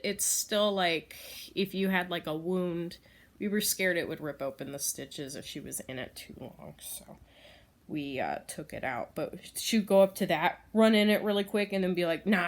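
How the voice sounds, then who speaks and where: A woman chatting casually in a home vlog, rambling with lots of fillers and frequent laughs. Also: medium pitch. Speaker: vlogger. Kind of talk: casual chat.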